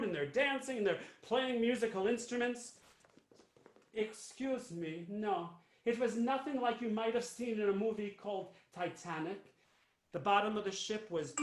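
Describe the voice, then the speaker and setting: A man playing a fussy old immigrant grandmother. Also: sits high. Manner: fussy, rambling storyteller who repeats "believe you me". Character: elderly Jewish immigrant grandmother, fussy, chatty, sentimental. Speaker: cantor. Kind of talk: live character monologue. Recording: roomy echo.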